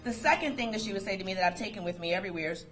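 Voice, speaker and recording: A woman giving a motivational talk to coworkers, lively and storytelling, quoting sayings and laughing often. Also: medium pitch, rapid-fire, soft background music. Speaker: motivational speaker.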